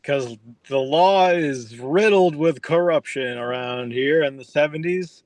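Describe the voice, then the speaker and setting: A man playing a bumbling, flustered cop, halting and full of hesitations, over a video call. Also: on the high side, darkish tone, no room sound, lightly acted.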